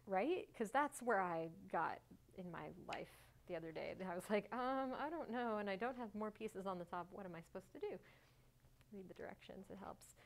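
A woman hosting a sewing tutorial, talking casually and cheerfully through each step, joking at herself and breaking into little bursts of excitement. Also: medium pitch. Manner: chatty, self-mocking, bursts of excitement.

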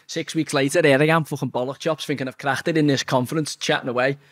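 A Scouse man in his forties, a guest, tells a rambling anecdote in casual chat. His mid-range voice holds a steady tone as he talks fast, swearing constantly and restarting his sentences. It's casual storytelling.

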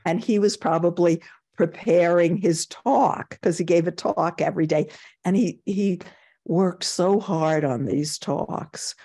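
A woman's voice: lowish voice, a little slow, warm tone, breathy edge. An older woman with a New York accent giving a Zen dharma talk, telling anecdotes, chuckling and acting out the voices she quotes. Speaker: Zen teacher.

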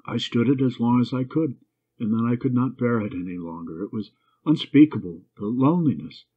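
A man with a husky voice voicing a proud, willful young schoolgirl in a storybook reading, his pitch raised, on a tinny phone-like recording. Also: brisk, natural voice. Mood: lonely, pleading.

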